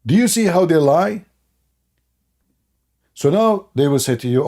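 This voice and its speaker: A man's voice: on the high side, lively intonation, a little slow, mellow. A man giving a sarcastic, mocking commentary monologue in broken, non-native English, laughing at his own points. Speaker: online religion critic.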